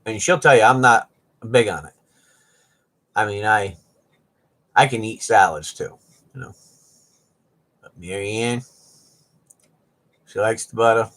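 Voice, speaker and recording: A man's voice: fairly low pitch, measured pace, pauses often, fairly bright tone. A man chatting casually and rambling on a livestream, joking and laughing often. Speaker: livestream host.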